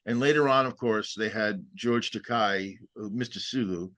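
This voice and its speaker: A man's voice: lowish voice, moderate pace, fairly bright tone. A man co-hosting a podcast, trading wry jokes in casual chat. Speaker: podcast co-host.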